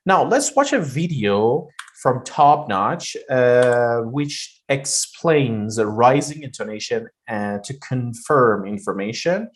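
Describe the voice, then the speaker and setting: A man teaching pronunciation in a deliberate way, repeating phrases to show how the voice rises and falls. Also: medium pitch, lively intonation. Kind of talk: slow spoken lesson.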